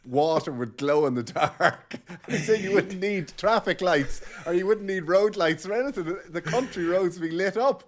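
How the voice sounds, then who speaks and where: A man's voice: sits high, lively intonation, normal speed, few pauses. An Irish man in his forties co-hosting a podcast, trading stories in easygoing, laughing banter. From Ireland. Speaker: podcast co-host. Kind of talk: casual chat.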